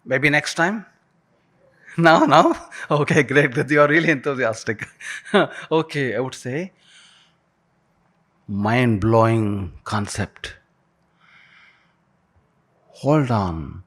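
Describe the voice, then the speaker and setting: A man's voice: mid-range voice, expressive, slow pace, long pauses, a bit bright, husky. A man from India, giving an inspirational keynote talk at a university event and coaxing the audience to repeat his phrases, with frequent restarts. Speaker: keynote speaker.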